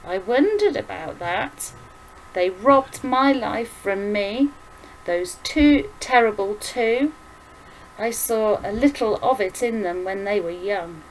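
A woman reading aloud and voicing a gentle, grieving elderly mother who talks softly and slowly. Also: medium pitch, expressive, slight background noise. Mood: sorrowful. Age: older. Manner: soft, slow and tender.

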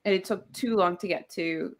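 A woman with an American accent chatting casually about books with friends, teasing and quick to joke. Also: fairly low pitch. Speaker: book chat guest. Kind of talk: casual group book chat.

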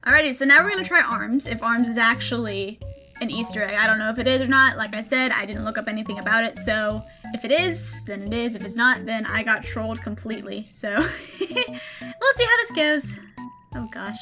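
A young woman streaming a game, reacting with jumpy, excitable commentary and nervous laughter. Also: fairly high pitch, normal speed, music in the background. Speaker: gaming streamer.

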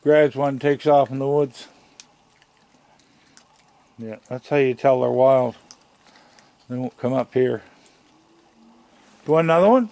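A man's voice: mid-range voice, dark tone. A man outdoors on his deck, chatting to the raccoons he feeds, filmed on a handheld camera. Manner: slow, gravelly, chatting fondly to raccoons. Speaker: raccoon feeder filming his yard. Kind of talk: casual talk to animals.

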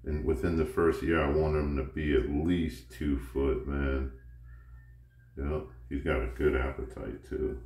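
A man's voice: a bass voice, steady tone, measured pace, a little mellow, reverberant. A man vlogging as a reptile keeper, casually coaxing his pet and talking to it like a buddy. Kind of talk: casual pet-feeding vlog.

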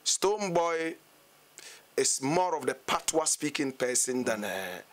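A man's voice: on the high side, very animated, unhurried. A Ghanaian man, a musician, talking animatedly in a radio interview and slipping local phrases into his English. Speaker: guest musician.

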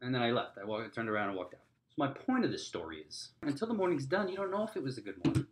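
A man hosting a podcast, telling a comedic story in an animated, exaggerated way, jumping up in pitch and volume for punchlines. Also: racing, a little hiss or hum. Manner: animated, exaggerated, rising to near-shouts for punchlines. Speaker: podcast host.

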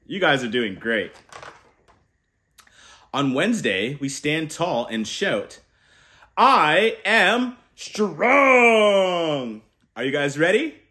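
A man's voice: mid-range voice, big pitch swings, a little slow, pauses often, a bit bright. A man reading a children's picture book aloud and leading kids in call-and-response chants. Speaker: children's storyteller.

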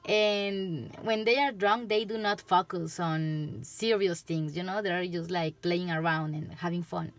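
Slow, giggly woman with a Spanish accent. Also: on the low side. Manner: giggly, chatty, loose rambling. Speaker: tarot reader. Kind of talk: casual tarot reading to camera.

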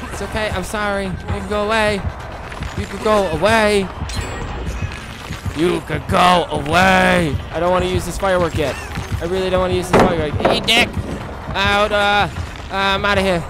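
A man hosting his gaming channel, giving excited commentary as he plays, pleading with the killer, cursing and shouting in panic. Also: sits high. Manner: quiet, relaxed asides to viewers.

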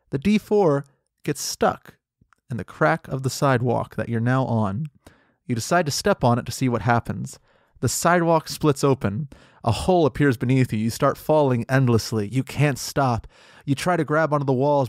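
Deadpan young man hosting a comedy show. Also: mid-range voice, no echo, studio quality. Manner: deadpan, rambling. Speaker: comedy podcast host. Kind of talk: absurd improvised narration and mock interview.

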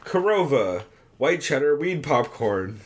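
A man's voice: medium pitch, big pitch swings, unhurried. A young man co-hosting a casual podcast, talking loosely, swearing often and restarting his sentences. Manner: loose and profane, with many fillers and restarts. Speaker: podcast co-host.

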